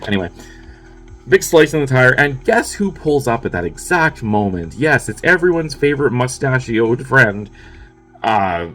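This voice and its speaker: A man's voice: medium pitch, big pitch swings, a little slow, a bit bright, faint music behind. A man casually recapping a movie plot for his review show, offhand and peppered with swearing and fillers.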